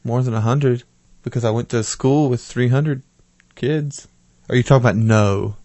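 A man's voice: mid-range voice, normal speed, dark tone, dry recording. A man co-hosting a podcast, reading listener messages in a casual chat and tossing in joking asides.

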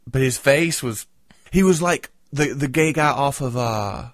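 A man's voice: mid-range voice, measured pace, dry recording. A man co-hosting a podcast, chatting casually and telling rambling, joking stories. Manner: rambling, joking, animated storytelling. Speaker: podcast co-host. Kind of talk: casual chat.

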